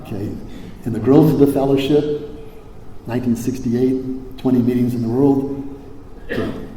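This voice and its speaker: Older man, from Hawaii, recovery convention speaker, rambling with fillers, mellow tone, long hall reverb. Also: medium pitch, fairly even intonation, moderate pace, a little hiss or hum. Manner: rambling, many fillers and restarts, salty language. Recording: echoey hall, faint ambience.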